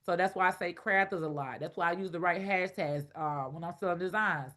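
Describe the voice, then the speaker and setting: A woman, teaching an online business masterclass in a playful, loud, slangy way. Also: fairly low pitch, fairly quick.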